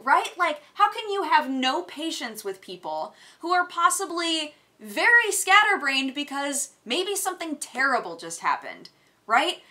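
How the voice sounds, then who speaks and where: A young woman hosting a casual daily vlog, telling a story in a lively, exasperated way. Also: high-pitched, moderate pace. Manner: gets loud and exasperated retelling a rant. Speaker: vlog host.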